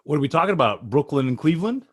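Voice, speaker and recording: A man co-hosting a casual sports podcast, eager and animated as he runs through his notes. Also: fairly high pitch, racing. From Pacific Northwest of the US. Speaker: co-host.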